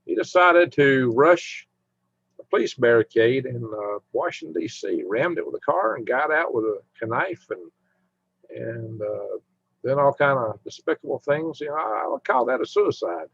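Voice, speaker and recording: A man's voice: medium pitch, lively intonation, moderate pace, gravelly, fairly bright tone, husky, dry recording. A man hosting a casual live stream, rambling as he chats with viewers and humming to himself. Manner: rambling, chatty, hums to himself while browsing. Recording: dull lo-fi mic sound.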